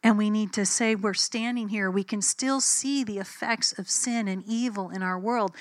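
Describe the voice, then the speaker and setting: A woman's voice: mid-range voice, fairly bright tone, no room sound. A woman preacher giving a sermon in a conversational, emphatic way, telling personal stories and acting out the dialogue.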